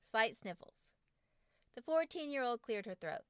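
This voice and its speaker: A woman in her forties with a fairly high, smooth and resonant voice reads from her own parenting book on her podcast. Her delivery is wry and self-mocking. The sound is close and dry. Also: expressive, unhurried, no echo. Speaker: podcast host and author.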